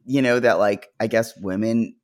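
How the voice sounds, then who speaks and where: A trans podcast co-host talking casually, hesitant and stammery with lots of fillers. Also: male voice, lowish voice, steady tone, moderate pace. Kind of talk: casual chat and monologue.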